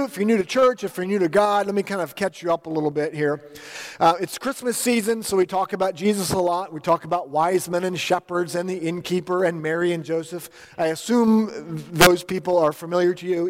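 A male pastor with a notably high voice preaches to his congregation. He tells a story earnestly, and his words ring with the long reverb of a church hall. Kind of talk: sermon. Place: church sanctuary.

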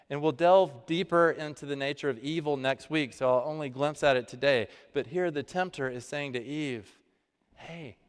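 A pastor giving a conversational sermon, with dramatic pauses. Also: male voice, medium pitch. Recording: long hall reverb.

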